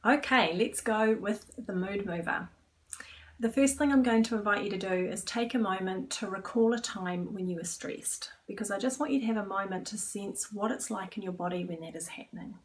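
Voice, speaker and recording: A woman stress coach who leads a guided exercise in a calm, inviting tone. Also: medium pitch, normal speed, distant mic.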